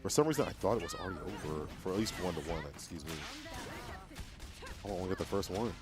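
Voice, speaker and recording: A man co-hosting a fighting game watch party in a laid-back, slangy way, with animated reactions. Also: low voice, quick pace. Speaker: co-host commentator. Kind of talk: casual fighting game co-commentary. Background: music.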